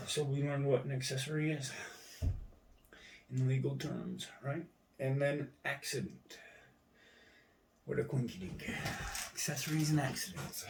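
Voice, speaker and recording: A man's voice: mid-range voice, steady tone, a little slow, creaky, long pauses, warm tone. An American man reading encyclopedia entries aloud in a casual way, skipping parts and throwing in profane asides. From United States. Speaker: reader going through an encyclopedia. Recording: echoey room, mic at a distance.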